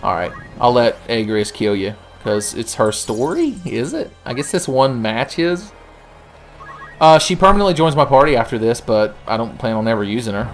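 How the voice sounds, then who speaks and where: A man's voice: medium pitch, animated, moderate pace, soft background music. A young man giving profane, jokey commentary while playing a strategy game, slipping into silly voices. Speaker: gaming channel host. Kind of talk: let's play commentary.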